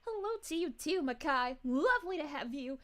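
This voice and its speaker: A woman's voice: sits high, animated, moderate pace, a bit bright. A woman voicing a bubbly, cheerful young princess, greeting viewers exclamatorily and with giggles. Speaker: VTuber streamer. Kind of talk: in-character livestream chat reading.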